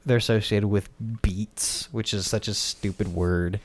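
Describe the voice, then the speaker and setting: A man's voice: lowish voice, steady tone, measured pace. A young man hosting a casual podcast chat with friends, rambling with many fillers and laughing often. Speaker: podcast host and composer.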